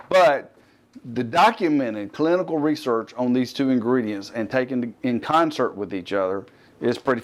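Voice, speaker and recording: A middle-aged man with a Southern accent hosting a fitness TV show, talking casually, rambling and cutting himself off with joking asides. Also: mid-range voice. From US Gulf Coast. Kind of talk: casual unscripted TV talk.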